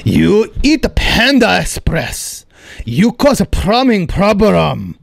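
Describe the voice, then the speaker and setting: Comedian doing a cranky, suspicious landlord, Korean accent, slow accusing broken English, swings high and low. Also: male voice, huge pitch swings, creaky, no echo, studio quality, heavily acted. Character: grumpy suspicious middle-aged male landlord.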